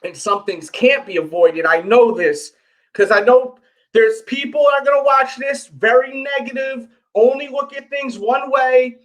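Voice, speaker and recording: A middle-aged man with a New York accent, speaking in a high register. He hosts a casual livestream and talks straight to his viewers, repeating himself and pleading to be heard. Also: steady tone, unhurried, fairly bright tone. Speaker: sneaker channel host.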